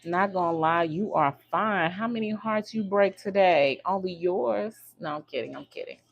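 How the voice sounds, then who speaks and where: A woman's voice: lowish voice, moderate pace, creaky, hardly any pauses. A woman hosting a casual livestream, chatting and teasing her viewers while she works on her hair. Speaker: livestream host.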